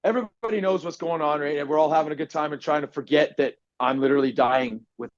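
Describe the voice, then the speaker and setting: A man telling a personal story on a podcast, animated and swearing often, acting out what people said. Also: a little high, fast. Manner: animated, swears a lot, acts out quotes loudly. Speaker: podcast guest. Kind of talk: casual storytelling. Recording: dry, dull lo-fi podcast audio.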